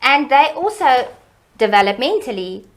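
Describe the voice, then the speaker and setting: A middle-aged woman educator, explaining child development in a lively, teacherly way in an interview. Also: normal speed. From South Africa. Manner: animated, teacherly, varies pitch and loudness for emphasis.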